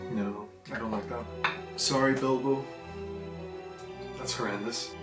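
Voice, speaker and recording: A young man with a Northern Irish accent, chatting enthusiastically in a casual food vlog and dropping into softer asides. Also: mid-range voice, steady tone, a little slow. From Northern Ireland. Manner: chatty, enthusiastic, drifts between loud and soft asides. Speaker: vlogger. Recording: echoey room with faint music.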